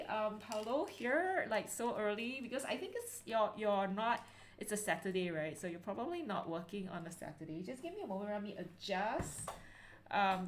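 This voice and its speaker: A woman's voice: a little high, a little hiss or hum. A woman hosting an art livestream in casual, chatty talk, giggling often and filling her speech with "like" and "um". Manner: chatty and giggly, full of fillers.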